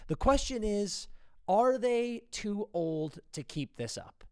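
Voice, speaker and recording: A man's voice: sits high, clean tone, dry recording, studio quality. A man hosting a sports podcast, teasing his co-host and running through stats in casual banter. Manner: lively, teasing, quick delivery of stats.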